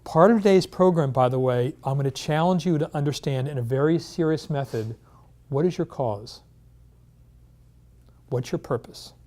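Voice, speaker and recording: A man leading a workshop presentation in a meeting room, energetic, asking rhetorical questions and telling stories. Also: on the high side, normal speed. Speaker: insurance industry trainer.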